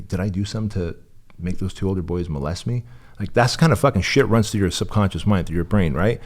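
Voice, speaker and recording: A man's voice: low voice, fast talker, darkish tone. A man from Armenia, the guest in an interview, telling his story bluntly and with profanity. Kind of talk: candid interview talk.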